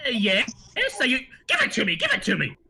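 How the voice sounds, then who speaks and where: A guy putting on a cranky lady gnome, raised a bit in pitch, bossy and grabby. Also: wildly swooping pitch, brisk, creaky, sharp tone, a little hiss or hum, exaggerated voice. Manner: demanding, snappish. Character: impatient female gnome.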